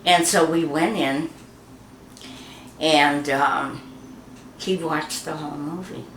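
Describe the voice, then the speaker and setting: With a deep, steady voice that's fairly bright, she speaks slowly as she tells an interviewer stories from long ago. This older woman is chatty and performs the voices of the people she quotes. A roomy echo and a faint hiss or hum come through.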